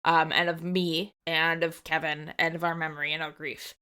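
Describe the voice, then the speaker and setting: Bright, lower-pitched woman podcaster. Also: little pitch movement, moderate pace, smooth. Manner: earnest, swears casually, quotes characters. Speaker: podcast co-host. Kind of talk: casual podcast chat recapping a game.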